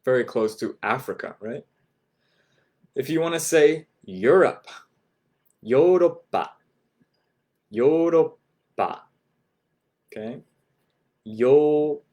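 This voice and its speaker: A man teaching a language class, repeating each word slowly and patiently, often checking in with "right?" and "okay?". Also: medium pitch, animated, darkish tone. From United States. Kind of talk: slow, patient vocabulary lesson.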